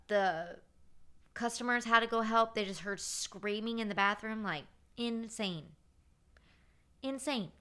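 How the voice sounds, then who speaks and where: Woman podcast host, 30s, bright voice, chatty, filler-heavy storytelling. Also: medium pitch, clean tone. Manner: animated retelling with acted-out quotes. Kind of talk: casual storytelling monologue.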